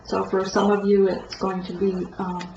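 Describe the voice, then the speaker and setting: A woman giving a rambling tarot card reading, with a stuffed-up nose and a halting, self-correcting way of talking. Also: mid-range voice, completely flat delivery, darkish tone. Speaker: tarot reader. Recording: echoey room, dull lo-fi sound, faint noise.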